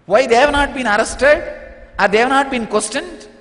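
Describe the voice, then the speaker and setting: A man addresses a press conference, pressing his point with repeated rhetorical questions in a high voice. The room gives a long reverberant echo. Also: moderate pace, a bit bright.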